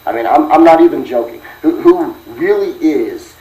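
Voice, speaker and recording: A man's voice: fairly high pitch, expressive, normal speed, warm tone. A man taunting someone in a played-back video clip, casual and mocking. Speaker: online critic in a played clip. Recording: roomy sound far from the mic, played back.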